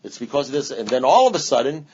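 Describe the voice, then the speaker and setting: A man's voice: mid-range voice, big pitch swings, fast, darkish tone, a little hiss or hum. A man speaking at a recovery meeting, rambling and blunt, with punchy repetition and sarcastic asides. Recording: dull lo-fi meeting recording.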